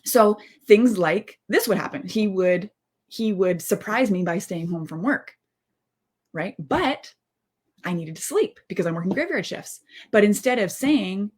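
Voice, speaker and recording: A woman's voice: medium pitch, expressive, a little slow, darkish tone, breathy edge. Rambling heartfelt woman in her thirties. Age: 30s. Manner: rambling, heartfelt, full of asides and restarts. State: close to tears. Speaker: spiritual mindset coach. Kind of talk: candid live-stream monologue.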